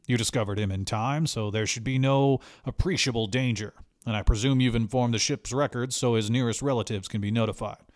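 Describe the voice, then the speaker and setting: A man voicing a gruff, blunt middle-aged space commander with a curt, clipped delivery. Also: medium pitch, a little fast, hardly any pauses, no room sound, studio quality, lightly acted. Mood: brisk.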